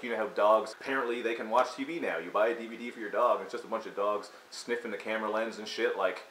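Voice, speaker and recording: A man's voice: mid-range voice, fairly bright tone. A man giving a crude, mocking rant of an album review, breaking into exaggerated impressions. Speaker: music reviewer. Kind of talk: ranting comedic album review. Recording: echoey room with faint hiss.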